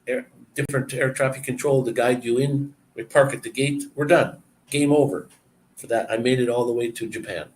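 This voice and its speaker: A man's voice: mid-range voice, fairly even intonation, normal speed, slight background noise, low-quality recording. A man from Canada telling stories in casual chat, rambling and opinionated, with frequent restarts.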